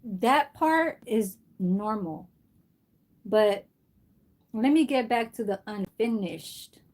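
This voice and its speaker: A woman's voice: mid-range voice, expressive, takes it slowly, darkish tone. A middle-aged woman from San Francisco chatting on a live stream, rambling through a story and swearing freely. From San Francisco, USA. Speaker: livestream host. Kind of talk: casual livestream chat.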